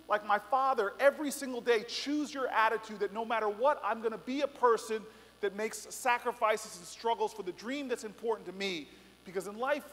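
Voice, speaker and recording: Addressing a student rally, a middle-aged man speaks with passion, mixing storytelling asides with emphatic, rising appeals. His voice is high and a bit bright, and the hall adds noticeable echo.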